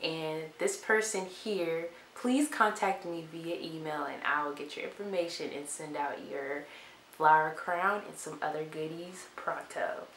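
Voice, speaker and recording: A young woman vlogger talking softly and from the heart, in a casual chat to camera. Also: sits low, fairly even intonation, measured pace. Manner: soft-spoken and heartfelt. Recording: echoey room with faint hiss.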